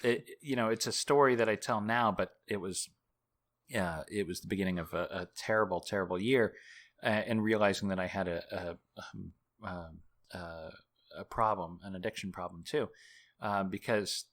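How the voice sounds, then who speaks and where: A man's voice: sits low, normal speed, fairly bright tone. A man being interviewed as an author and journalist, telling a long story in a rambling, self-mocking way full of fillers and restarts.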